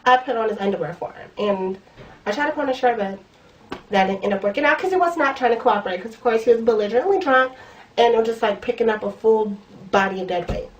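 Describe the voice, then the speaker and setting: A woman's voice: a little high, fast talker, highs cut off, a little hiss or hum. Young woman vlogging in her room, cussing a lot, talking slangy, mic a little off. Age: young adult. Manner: blunt, profane, slangy storytelling. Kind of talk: casual storytime vlog. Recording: voice a bit far from the mic.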